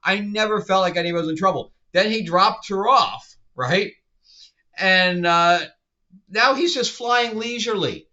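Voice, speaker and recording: A man's voice: high-pitched, lively intonation, a little slow, pushed and bright, dull audio. A man reviewing a show in a casual vlog, exasperated and sarcastic, rambling with restarts.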